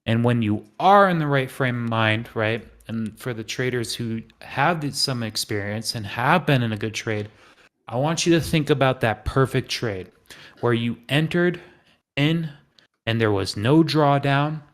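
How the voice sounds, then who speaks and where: Guy on a trading stream, mid pitch, animated, does little panicky voices. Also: unhurried. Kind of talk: live-stream trading talk.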